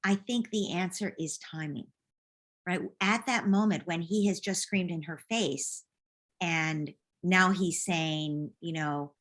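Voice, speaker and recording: A woman answering a parent's question as a parenting coach, gently modeling what to say to children. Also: lowish voice, measured pace. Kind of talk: advice in a live Q&A.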